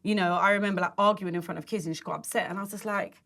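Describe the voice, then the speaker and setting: A woman hosting a podcast chat, telling stories in an animated way and acting out quoted lines with big jumps in pitch. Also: very fast, gravelly. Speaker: podcast host. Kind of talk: casual chat.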